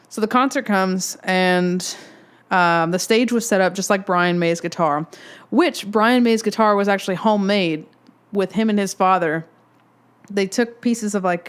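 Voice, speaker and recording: Smooth-voiced young woman, excitable storyteller. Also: mid-range voice. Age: 20s. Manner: excitable, rambling fan storytelling. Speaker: podcast host. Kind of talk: casual solo podcast storytelling.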